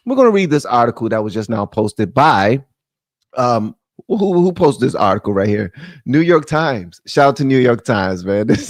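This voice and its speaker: An American man hosting a live stream, giving animated, jokey commentary and laughing often. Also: medium pitch, no room sound.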